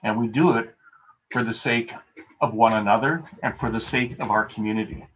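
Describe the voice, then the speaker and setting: A man's voice: lowish voice, normal speed, a bit bright. A male pastor giving a conversational sermon over a video call, telling everyday stories with a self-deprecating touch. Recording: dull lo-fi video call audio.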